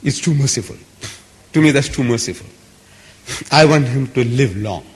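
Speaking with a mid-range, expressive voice at a moderate pace, a man gives a fervent public lecture to a live audience. He is emphatic and repetitive, constructing long lists, and the hall around him echoes.

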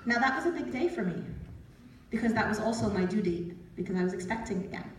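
A woman's voice: medium pitch, fast talker, noisy background. Woman telling a story in a hall. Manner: lively, acts out quoted voices, laughs often. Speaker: author giving a talk. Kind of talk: storytelling talk. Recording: echoey hall, speaker from far off.

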